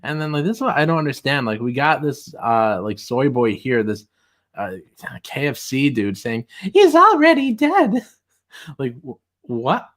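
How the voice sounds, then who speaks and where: A man hosting a livestream, chatting casually and reading comments aloud in mocking voices. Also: moderate pace. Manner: reads tweets aloud in mocking high voices, laughs often. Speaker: streamer host.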